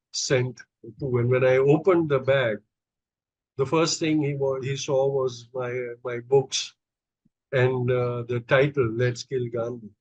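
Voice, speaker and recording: A man's voice: mid-range voice, darkish tone, no room sound, lo-fi sound. A middle-aged man, a podcast guest telling personal stories in a hesitant, conversational way full of fillers and restarts. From India. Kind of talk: conversational storytelling.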